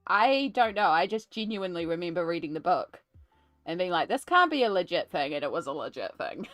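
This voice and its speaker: A woman's voice: fairly low pitch, sing-song, brisk, a bit bright, no echo, soft background music. A woman with a New Zealand accent chatting and telling stories on a live stream while colouring, with frequent laughter. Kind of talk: casual chat while colouring.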